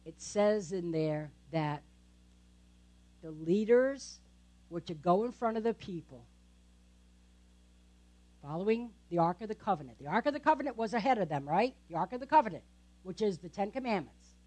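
A woman's voice: medium pitch, lively intonation, moderate pace, long pauses, mellow. A woman pastor giving a conversational sermon, often checking in with the congregation with tag questions.

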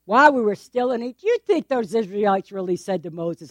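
A woman pastor preaching a sermon in a church, animated and acting out the voices of the people in her story, laughing often. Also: a little high, fast talker, dry recording, clean studio sound.

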